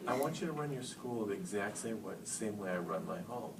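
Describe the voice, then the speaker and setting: A man's voice: fairly low pitch, a little fast, few pauses. Joking man speaking in an echoey hall. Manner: animated, joking, acts out phone calls. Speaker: speaker at an education workshop. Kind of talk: lively storytelling talk to an audience. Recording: roomy hall, speaker far from mic, noisy.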